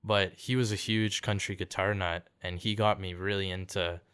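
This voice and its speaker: Young man from canada, deep voice, laid-back storyteller, podcast guest. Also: flat delivery, normal speed, a bit bright, smooth. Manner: laid-back, says "like" and "dude" often, acts out quotes. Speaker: podcast guest, singer-songwriter. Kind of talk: casual storytelling chat.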